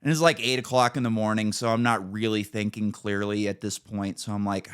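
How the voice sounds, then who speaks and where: A middle-aged man with a hoarse throat, telling a profane story as podcast co-host. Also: fairly low pitch, fairly even intonation, a little fast. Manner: profane storytelling, acts out quotes. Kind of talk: casual chat.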